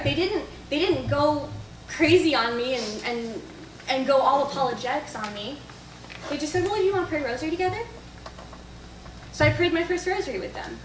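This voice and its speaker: A woman's voice: sits high, fairly bright tone, distant mic. A young woman speaking to a church group in a casual, chatty way, telling stories and answering questions. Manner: chatty, storytelling, frequent likes and self-corrections. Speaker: speaker at a young adult faith event. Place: parish hall. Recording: echoey room, voice off-mic with faint noise.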